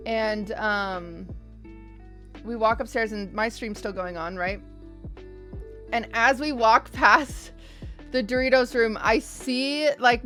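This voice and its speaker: High-voiced young woman streamer storytelling. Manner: animated, restarts and repeats words. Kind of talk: casual storytelling to chat.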